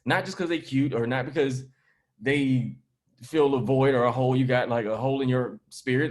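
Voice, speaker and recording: A man's voice: mid-range voice, normal speed. A man who is a comedian and podcast host, making his point in casual conversation with emphatic, slangy delivery.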